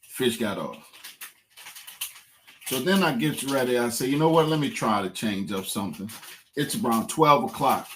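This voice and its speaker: A man, casually telling viewers a fishing story, repeating phrases and getting excited. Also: mid-range voice, moderate pace, long pauses, slight background noise. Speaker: fishing vlogger.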